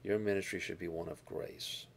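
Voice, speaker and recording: A man teaching a Bible lesson, explaining verses and Greek words with deliberate emphasis on key words. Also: low voice, fairly even intonation, creaky, slight background noise.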